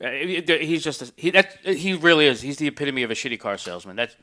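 A man's voice: on the high side, expressive, quick pace, sharp tone. A man in casual chat, mostly giving blunt, short replies and agreement. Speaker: podcast co-host.

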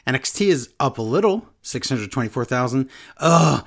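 A man's voice: mid-range voice, animated, normal speed. A man hosting a podcast, chatting casually and rambling, often correcting himself. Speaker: podcast host. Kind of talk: casual chat.

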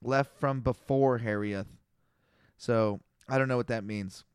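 A man co-hosting a casual podcast, reading scripture aloud in a plain, flat way and stumbling over unfamiliar names. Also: mid-range voice, unhurried, clean tone, dry recording, studio quality.

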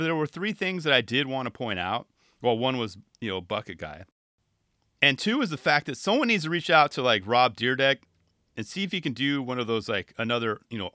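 A man from California commenting on a skate video in a casual, animated, chatty way, laughing often. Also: medium pitch, no room sound, clean studio sound. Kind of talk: casual chat.

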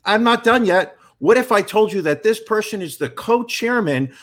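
Man doing a slick radio ad announcer, hyped delivery, higher pitch. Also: animated, normal speed, a bit bright.

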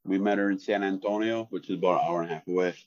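A very low-pitched man chats casually on a podcast and keeps his tone flat and deadpan, with plenty of ums and uhs. The recording is dry and a little dull, as if from a modest close mic. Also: very fast, no room sound. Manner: flat deadpan delivery, many fillers. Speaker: podcast co-host. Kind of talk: casual chat.

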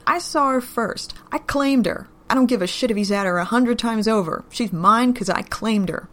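A woman voicing a crude, aggressive, possessive male thug who talks in a loud, pushy, indignant way. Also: mid-range voice, unhurried.

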